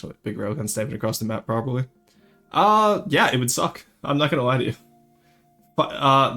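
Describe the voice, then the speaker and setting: A man chatting casually on a live stream, animated and rambling, quick to laugh. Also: medium pitch.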